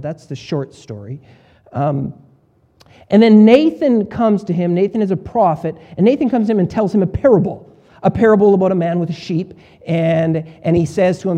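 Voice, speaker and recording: Bright-voiced, mellow male pastor preaching. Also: sits high, highs cut off. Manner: conversational preaching with shifts in volume and voiced asides. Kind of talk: sermon.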